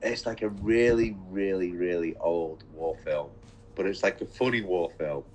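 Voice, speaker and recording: A man's voice: deep voice, normal speed, darkish tone, a little hiss or hum, poor audio. A young man chatting casually and rambling, with a lot of "like" fillers. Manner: rambling, heavy use of "like". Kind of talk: casual chat.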